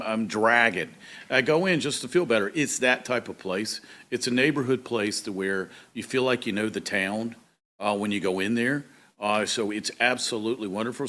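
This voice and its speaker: A man's voice: fairly low pitch, a bit bright. A man, a pastor hosting his own show, chats in a folksy, casual way. He often slips into short acted-out quotes to make his point. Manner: chatty, folksy, acts out quotes. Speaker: pastor and talk show host. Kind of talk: casual monologue.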